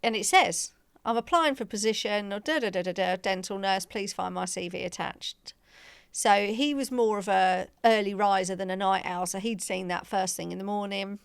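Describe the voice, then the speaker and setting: A woman's voice: medium pitch, normal speed, gravelly, clean tone, dry recording. A woman podcast co-host and practice manager, telling a story in casual chat and acting out the quoted dialogue with laughter.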